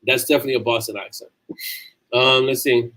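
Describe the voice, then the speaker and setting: A man from New York hosts a relaxed livestream and chats with his audience. His voice sits at an ordinary middle pitch. He talks in a loose, rambling way and breaks off to restart his sentences. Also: brisk, rough recording. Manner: chatty and loose, frequent restarts. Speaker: author hosting a livestream. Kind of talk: casual livestream chat reading viewer comments.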